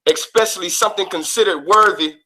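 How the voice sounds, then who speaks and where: A man speaking as a guest on an online call, calmly and methodically breaking down the meaning of words step by step. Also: high voice, fairly quick, low-quality recording.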